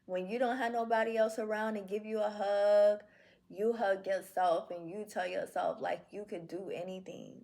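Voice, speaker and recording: A woman recording a heartfelt video journal, speaking in slow, affirming, repeated phrases. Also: medium pitch, fairly even intonation, gravelly, mellow. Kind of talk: reflective self-talk video journal.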